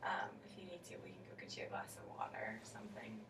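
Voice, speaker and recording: A woman playing a counselor in a role-play, asking questions gently and patiently, with some fillers. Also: a bass voice, animated, quick pace, whispered. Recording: echoey room, distant mic, faint noise.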